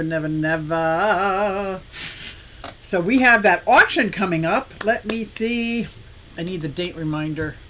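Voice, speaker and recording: Hosting a relaxed live stream for her aquarium and fish shop, this woman in her sixties has a lowish voice, with background noise audible. Chatty and lively, she welcomes viewers by name, goes through comments, and wanders into long stories punctuated by frequent laughter.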